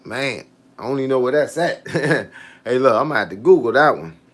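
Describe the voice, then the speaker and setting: A relaxed man who coaches fitness talks loosely on a live stream. His pitch is medium for a man, and he keeps opening with "hey, look" as he answers viewers' comments. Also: brisk. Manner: laid-back, repeats "hey, look" and reads out viewer comments. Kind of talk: casual livestream chat with viewers.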